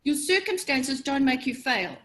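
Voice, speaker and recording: A middle-aged woman giving a motivational webinar as a business coach, animated, often acting out voices in her head with sudden leaps in pitch. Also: unhurried.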